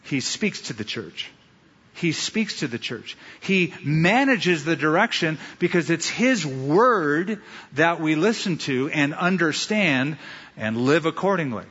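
Male pastor preaching, bright forceful voice a bit high, long echo off a big hall, kinda dull sound. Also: animated, slow pace, slightly rough. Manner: preacherly storytelling with emphatic repetition. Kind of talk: sermon.

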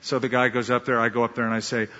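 A man's voice: mid-range voice, little pitch movement, rapid-fire, pushed and bright. A man preaching a sermon as a pastor, with emphatic, storytelling delivery and repeated lines. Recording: dull sound in a large reverberant hall.

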